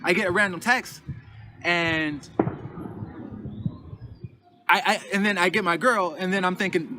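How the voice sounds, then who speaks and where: A man telling a personal story in casual, animated speech, cursing and repeating phrases. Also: high voice, a little slow, pauses often. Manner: animated, profane, repeats phrases, acts out quotes. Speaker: guest telling his story.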